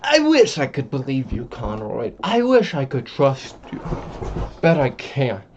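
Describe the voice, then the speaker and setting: A man reading the lines of a frazzled, busy working mother, hurried and apologetic, on a dull lo-fi recording. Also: medium pitch, wildly swooping pitch, a little hiss or hum.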